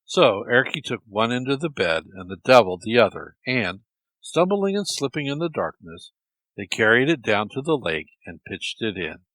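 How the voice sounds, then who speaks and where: A man telling a folk tale in a lively, expressive storytelling manner. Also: medium pitch, normal speed, no echo, rough recording. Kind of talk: storytelling narration.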